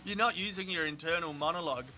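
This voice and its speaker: A man's voice: a little high, fast, pushed and bright, pitched below the performer's own voice. A man voicing an upset, swearing male dog in a comic video narration. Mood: hurt. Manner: indignant, whiny.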